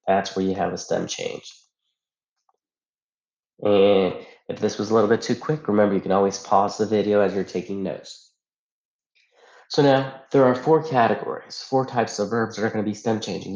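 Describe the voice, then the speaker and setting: Man, Spanish teacher, recorded lesson, lowish voice, echoey room, dull lo-fi sound. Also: gravelly, darkish tone. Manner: patient step-by-step explaining with rhetorical questions.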